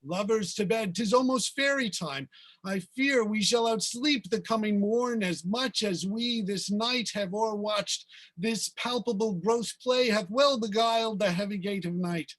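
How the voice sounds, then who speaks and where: Man reading a stately king, high voice. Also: unhurried, a bit bright. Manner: declaiming verse, then chatty thanks. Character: stately male ruler and fairy king. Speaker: organizer of the reading and actor. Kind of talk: Shakespeare reading over video call. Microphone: video call.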